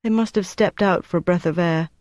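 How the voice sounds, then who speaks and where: A man reading an audiobook, voicing a tough, tired female agent in a brisk, clipped way. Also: high-pitched, darkish tone, dry recording, natural voice. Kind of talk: audiobook character voice.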